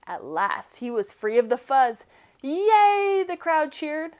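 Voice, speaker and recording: A woman, a teacher, reading a children's picture book aloud in an expressive storytelling manner. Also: fairly high pitch, measured pace.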